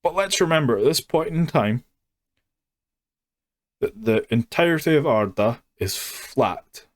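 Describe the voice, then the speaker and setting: A man's voice: mid-range voice, lively intonation, unhurried, dry recording. A man reviewing a show in a sarcastic, mocking rant. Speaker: YouTube reviewer. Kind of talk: ranting review.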